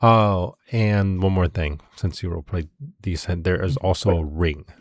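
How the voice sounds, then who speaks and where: A man narrating as game master of a tabletop game, slow and full of ums. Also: sits low, no room sound. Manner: slow, filler-heavy narration.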